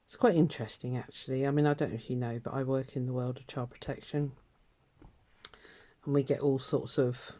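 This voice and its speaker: An older woman rambles through a casual catch-up as she stitches, her voice mellow and soft-edged. She drifts between topics with plenty of fillers and light laughter. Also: very deep voice, steady tone, a little fast. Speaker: craft vlogger. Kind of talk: casual chat while stitching.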